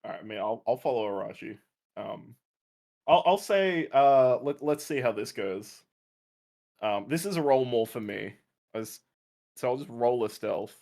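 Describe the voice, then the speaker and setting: A man with a mid-pitched voice plays a tabletop game, joking and stammering as he thinks aloud. He talks in a loose, casual way with his friends. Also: expressive, measured pace, darkish tone. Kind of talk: casual chat and in-character play.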